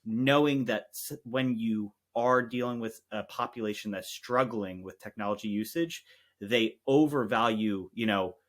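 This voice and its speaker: A man hosting an education podcast who asks long, rambling questions full of fillers. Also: on the low side. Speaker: podcast host. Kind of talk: casual podcast conversation.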